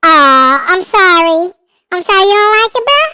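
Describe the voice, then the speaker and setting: A man putting on a squeaky, bratty, foul-mouthed voice through a pitched-up voice filter, whiny and taunting. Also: expressive, normal speed, pushed and bright, dry recording, clean studio sound, heavily acted. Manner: whiny, taunting, swears a lot.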